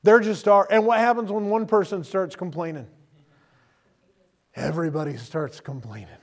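A man's voice: sits high, moderate pace, darkish tone. A middle-aged man preaching a sermon in a conversational, humorous way, often checking in with the listeners. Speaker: pastor.

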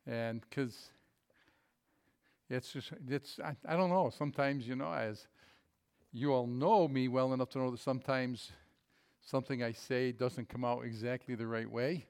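Smooth-voiced man preaching a folksy sermon. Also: medium pitch, steady tone. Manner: folksy, self-deprecating, halting restarts. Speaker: pastor. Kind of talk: sermon with humorous story.

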